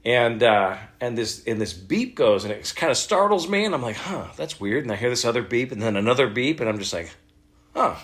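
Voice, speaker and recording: A middle-aged man, a voice actor, telling a story in a casual interview, animated and laughing as he acts out what others said. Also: medium pitch, fast talker, few pauses. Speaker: voice actor guest.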